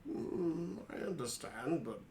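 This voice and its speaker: A man voicing a cautious, polite half-elf man who speaks in a measured, formal way. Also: a little high, animated, a little mellow, reverberant, slight background noise, voice pushed up. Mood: wary, polite.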